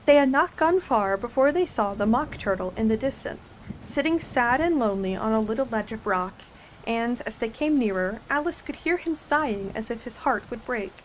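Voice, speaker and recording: Soft ASMR storybook reader, woman, fairly high voice, gentle chatty asides, faint rain behind. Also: expressive, moderate pace, slight background noise, rough recording.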